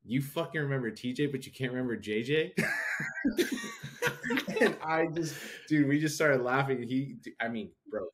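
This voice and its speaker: A man in his thirties, co-hosting a podcast, telling a story in a casual, animated way and acting out the people he quotes. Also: medium pitch, fairly quick, hardly any pauses. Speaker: podcast co-host. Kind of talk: casual chat.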